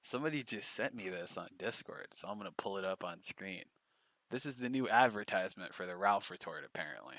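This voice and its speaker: A man's voice: low-pitched, animated, a little fast, fairly bright tone, no echo. A man streaming, giving casual, profane, mocking commentary on clips.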